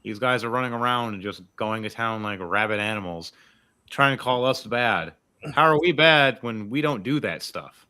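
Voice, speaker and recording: A man's voice: lowish voice, moderate pace, bright, forceful tone, clear, resonant tone. A man co-hosting a podcast, chatting casually with emphatic agreement.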